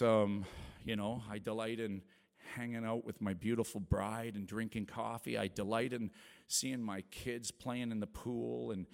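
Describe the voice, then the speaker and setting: Gravelly man speaking in a reverberant hall. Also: on the low side. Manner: lively, chatty, laughs often, acts out voices. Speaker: worship leader giving a testimony. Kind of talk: prayer and personal testimony talk. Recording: long reverb of a large hall.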